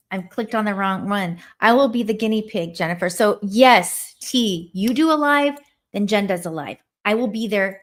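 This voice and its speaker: A woman in her forties chats on her home livestream, warm-hearted and rambling. She stops to answer viewers' comments as they come in. Her pitch sits in the middle of the range for a woman. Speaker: livestream host. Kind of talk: casual live-stream chat.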